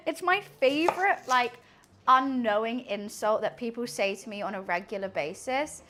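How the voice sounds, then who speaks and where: A young woman with a high, bright-sounding voice chats away to her stream audience as she cooks at home. She is self-mocking and breaks into laughter often. Her kitchen has a faint hum of noise behind her. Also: a little slow, pauses often. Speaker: live streamer. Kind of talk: casual chat to a live stream audience while cooking.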